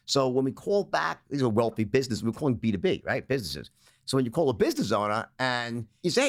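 A man as an interview guest, telling stories and acting out phone sales pitches in character. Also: very animated, fast talker, no room sound. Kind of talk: storytelling in a conversational interview.

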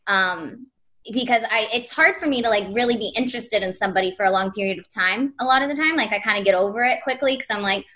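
A woman hosts a podcast in a candid, personal conversation. Her voice is bright and crisp, and she speaks hesitantly with many fillers as she works through her thoughts. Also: mid-range voice, fast talker. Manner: hesitant, searching for words. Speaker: podcast host.

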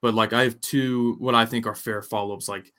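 A man co-hosting a sports podcast, talking in a measured way and asking probing questions in casual chat. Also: mid-range voice, steady tone, a bit bright. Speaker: podcast co-host.

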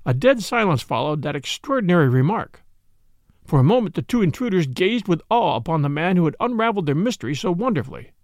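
A man narrating a story for a podcast with an expressive, theatrical reading. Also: fairly high pitch, quick pace, no room sound, clean studio sound. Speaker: podcast reader.

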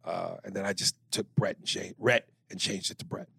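A man's voice: low voice, level tone, a little fast, vocal fry, sharp tone, breathy edge, dry recording, studio quality. A man co-hosting a comedy podcast, joking crudely and reading listener emails aloud. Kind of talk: casual podcast chat.

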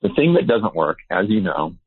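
A male researcher talks through his ideas in an earnest, emphatic way. His voice is husky and lowish. It comes over a tinny, phone-like line. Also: sing-song, normal speed, dry recording. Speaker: behavior researcher. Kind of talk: interview guest explaining.

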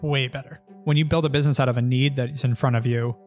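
A man's voice: mid-range voice, fast talker. Thirties guy, business founder, blunt swearing storyteller, faint music behind him. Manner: blunt, profane, animated storyteller. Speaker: agency founder and guest. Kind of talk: casual interview storytelling.

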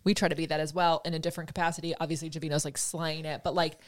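A woman hosting a podcast, telling a story in casual chat, excitable and gushing, with lots of fillers. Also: low-pitched, racing. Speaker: podcast host.

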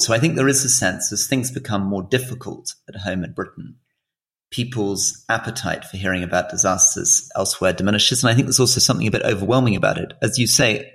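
A man's voice: on the low side, fairly quick, gravelly, a bit bright. A man in his forties co-hosting a political podcast, explaining things in an earnest, thoughtful way. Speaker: podcast co-host. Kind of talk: casual political chat.

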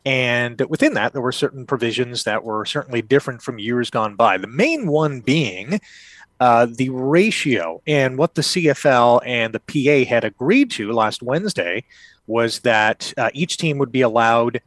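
A man's voice: medium pitch, lively intonation, moderate pace, a bit bright, dry recording. A man who comments on sports for radio, laying out the details in an explanatory way.

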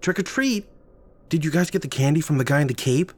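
A man voicing a cheerful, teasing young woman with a high, bright voice. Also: racing, husky. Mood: bubbly.

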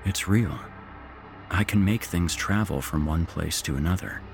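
A man voicing a shy teenage boy who speaks in a quiet, measured way. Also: sits low, vocal fry, soft background music, pitched below the performer's own voice. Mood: calm.

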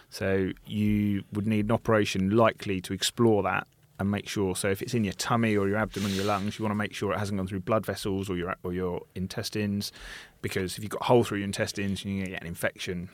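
A man's voice: on the low side, fairly even intonation, fast talker, few pauses, no room sound. A man who works as a surgeon, explaining medical procedures in plain terms during casual chat. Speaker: surgeon guest.

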